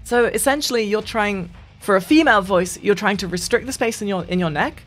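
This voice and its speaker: A gaming streamer giving a casual voice-training tutorial in a lively, sing-song way, often restarting sentences. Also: a little fast, faint music behind. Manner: lively, sing-song delivery with frequent restarts, dropping into deep demo voices.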